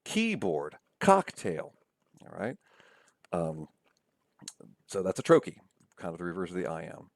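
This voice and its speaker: A deep-voiced man with a gravelly edge explains things slowly and patiently, pausing to check in with his listeners. His delivery has the measured pace of a professor's recorded lecture, and he stretches out words to sound them out. The recording is close and dry. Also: lively intonation, darkish tone, no room sound. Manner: patient, repeats words and checks in with "right?" and "okay?"; slows down to sound out syllables.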